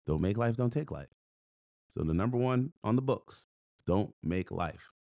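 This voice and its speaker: Deep-voiced emphatic man telling a story. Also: animated, a little slow, gravelly, mellow, no room sound, clean studio sound. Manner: emphatic, repeats phrases and restarts, punchy asides. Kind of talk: casual podcast storytelling.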